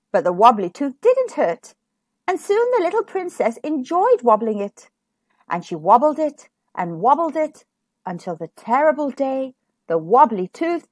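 A woman reading a children's picture book aloud, slow and expressive for young listeners. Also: a little high, dry recording, clean studio sound. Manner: slow, expressive storytelling for kids. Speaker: storybook reader.

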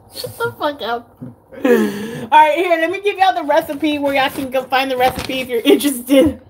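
A woman's voice: sits high, measured pace, pauses often. A woman with a Texan accent chatting casually in a home cooking vlog, rambling and giggling, cursing now and then. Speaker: vlogger. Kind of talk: casual chat. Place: home kitchen.

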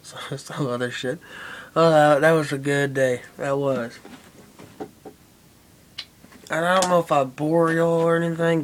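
A man's voice: a little high, slight background noise. A young man rambling casually and profanely to his camera, with lots of fillers. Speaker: vlogger. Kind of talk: casual vlog chat.

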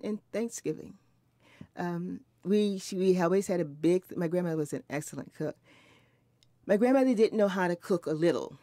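A woman's voice: on the low side, dark tone, dry recording. A woman in her seventies, recalling her mother and grandmother in an earnest, reflective way, often restarting her sentences. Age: 70s. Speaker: interviewee. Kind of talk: recorded oral history conversation.

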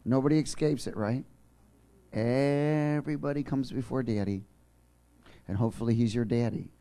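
A man preaching a sermon in church, joking with the congregation and then building to fervent, shouted passion. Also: medium pitch, normal speed. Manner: jokey, rising to fervent shouting. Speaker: pastor.

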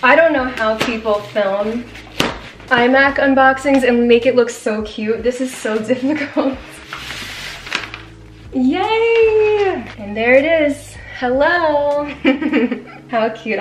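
A woman's voice: on the high side, moderate pace, reverberant, music in the background. A young woman chatting in a casual unboxing vlog, bubbly and giggly with lots of fillers. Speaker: vlogger. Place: home room with a desk.

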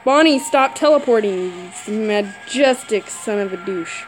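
Woman freaking out over a horror game, high voice, slow drawn-out talk, squeals and nervous giggles. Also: animated, a little hiss or hum, rough recording. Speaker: gamer. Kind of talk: horror game let's play commentary. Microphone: camera mic.

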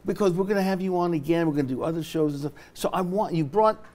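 A man's voice: a little high, quick pace, a little mellow. A man hosting a studio interview show, affirming his guest and steering the conversation. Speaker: host. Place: television studio.

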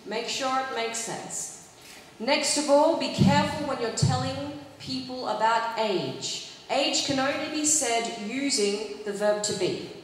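A rather high-pitched woman speaks as an English teacher, laying out exam advice in a clear, instructive way and checking in with her listeners. Her voice rings out in a large, echoey hall with a long reverb and a faint noise behind it. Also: unhurried. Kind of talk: giving exam advice to students.

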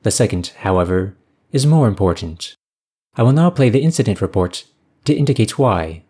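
A man's voice: on the low side, animated, moderate pace, warm tone, breathy edge. A man voicing an alien lecturer who teaches a class about humans in a formal, didactic tone.

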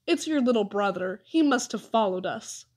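A woman's voice: medium pitch, animated, moderate pace, a little mellow, lightly acted. A woman reading aloud and voicing a bossy, no-nonsense boy who talks curtly and gives orders. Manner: curt and commanding.

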